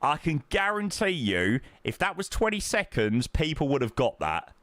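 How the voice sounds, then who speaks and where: A man chatting casually to his live-stream viewers as he plays, thanking supporters and reacting loudly to his own guesses. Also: fairly high pitch, moderate pace, no room sound. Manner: excitable, swings between muttering and loud outbursts. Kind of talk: casual live-stream chat while playing.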